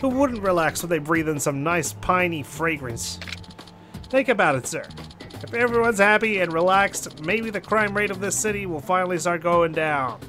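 A man voicing an overeager male street petitioner who wheedles and flatters politely in a game playthrough. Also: high-pitched, normal speed, faint music behind, pitched above the performer's own voice. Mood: wheedling. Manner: salesy, wheedling, overly polite.

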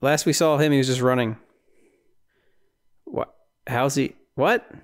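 A man's voice: mid-range voice, unhurried. A man hosting a podcast, casually recapping a horror film scene by scene, rambling and incredulous, often laughing. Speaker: podcast host.

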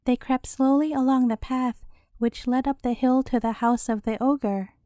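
A woman storyteller reading a bedtime fairy tale in a gentle, clear way. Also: high voice, steady tone, normal speed, dry recording, clean studio sound.

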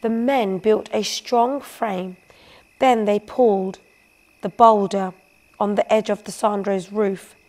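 A woman reads a bedtime story aloud at a slow, unhurried pace. Her delivery is gentle, and she pauses to put questions to her listeners. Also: medium pitch, steady tone.

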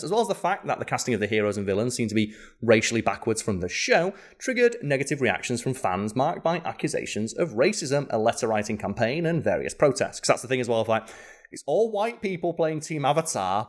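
A man co-hosting a podcast, chatting casually and rambling with many fillers and restarts. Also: mid-range voice. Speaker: podcast co-host. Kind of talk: casual chat.

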